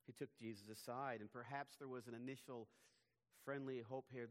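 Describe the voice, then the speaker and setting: A man preaching a sermon in an earnest, emphatic way. His mid-pitched voice carries a long reverb through a large hall. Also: steady tone, normal speed. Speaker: pastor.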